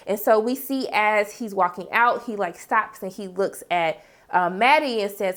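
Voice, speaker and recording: A woman's voice: mid-range voice, normal speed. A woman host giving a casual, slangy episode recap, acting out the characters' lines as she goes. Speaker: TV review host.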